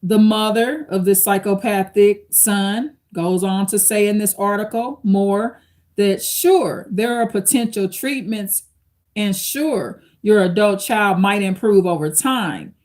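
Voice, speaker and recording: In an unhurried, darkish, medium-pitched voice, this stream host reads from an article and offers casual commentary. She keeps it conversational, reciting quotes aloud and addressing her audience as "y'all."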